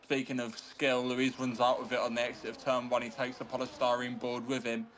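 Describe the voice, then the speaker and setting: Steady mid-voiced co-commentator man. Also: medium pitch, brisk, a little hiss or hum. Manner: steady, chatty co-commentator who reads the chat. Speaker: sim racing commentator. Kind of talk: live race commentary.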